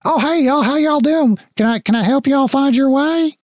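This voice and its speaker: A man voicing a friendly, chatty dragonborn guard in a very high, drawling voice. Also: normal speed, no room sound, studio quality.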